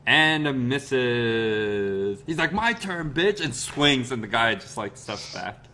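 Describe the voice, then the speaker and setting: A man's voice: medium pitch, slow pace, sharp tone, a little hiss or hum, low-quality recording. A man narrating as game master in a casual, rambling way, with the odd chuckle.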